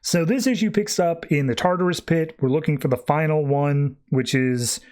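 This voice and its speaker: Man, podcast host, casual comic recap, slightly high voice, rambling. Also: normal speed, a little mellow. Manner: rambling, loose filler words.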